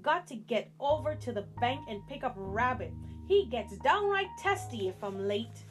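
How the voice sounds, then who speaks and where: A woman's voice: on the high side, animated, moderate pace, natural voice. A woman voicing a chatty male yak taxi driver who rambles on without stopping, in an indignant, self-important way. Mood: dismissive.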